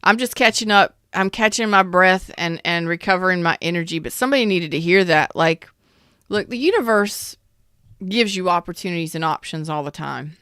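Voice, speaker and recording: A woman's voice: on the low side, moderate pace, a bit bright, clean tone, no echo, clean studio sound. Blunt, swearing tarot reader woman. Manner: blunt, profane, calls viewers out; reads out and answers live chat comments. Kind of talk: live-streamed tarot reading, casual rant.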